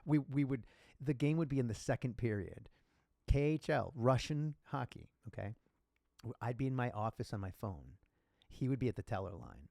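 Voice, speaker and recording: A man co-hosting a casual podcast, joking, swearing and telling animated stories. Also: medium pitch, normal speed, creaky, no room sound, studio quality. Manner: animated, jokey storyteller who swears. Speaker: podcast co-host. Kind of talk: casual chat.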